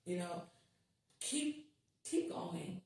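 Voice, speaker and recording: A woman guest on a podcast, telling stories in casual chat, animated and swearing as she acts out what people said. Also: on the low side, drawn-out words, vocal fry. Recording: echoey room, distant mic.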